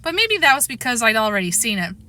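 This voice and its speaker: Lady reading a kids chapter book aloud, lively and expressive, kinda high voice. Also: fast. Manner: expressive, animated. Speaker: reader. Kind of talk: storybook reading.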